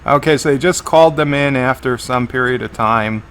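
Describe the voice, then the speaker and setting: A man's voice: medium pitch, normal speed, a bit bright, clean tone. A man giving live reaction commentary on a TV episode, narrating scenes as they unfold and often restarting his sentences. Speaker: TV episode reviewer.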